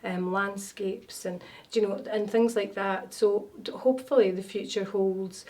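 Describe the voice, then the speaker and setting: A woman's voice: medium pitch, steady tone, unhurried, dark tone. A woman, telling stories as an interview guest, with many fillers and restarts. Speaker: wellness consultant guest. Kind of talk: casual interview chat. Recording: voice a bit far from mic.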